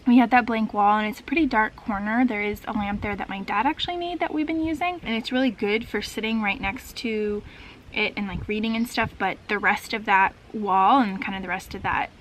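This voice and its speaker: A young adult woman chatting casually in a vlog, bubbly and chatty, laughing often and sometimes dropping to a soft near-whisper. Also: mid-range voice, fairly quick, slight background noise, low-quality recording. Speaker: vlogger.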